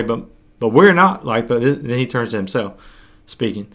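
A man preaching a podcast sermon as pastor, earnest and urging, with his voice going hoarse. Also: mid-range voice, animated, a bit bright. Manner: earnest, urging, slow deliberate pauses. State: losing his voice.

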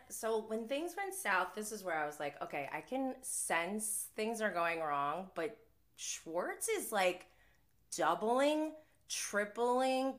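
A woman's voice: on the high side, a bit bright. A woman hosting a casual live-stream recap of a reality show, chatting loosely with many "like"s and frequent laughter. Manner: chatty, heavy use of "like", often laughing.

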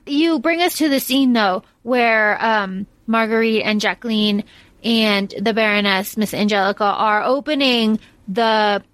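A woman's voice: on the high side, measured pace, a bit bright, dry recording. A woman co-hosting a casual film podcast, enthusiastic and gushing, swearing casually. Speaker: podcast co-host. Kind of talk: casual chat about a film.

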